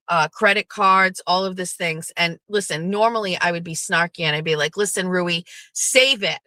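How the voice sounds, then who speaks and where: Bright-voiced profane woman telling a story. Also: medium pitch, no room sound, low-quality recording. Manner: chatty and profane, quoting others in quick back-and-forth. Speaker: host. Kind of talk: casual storytelling monologue.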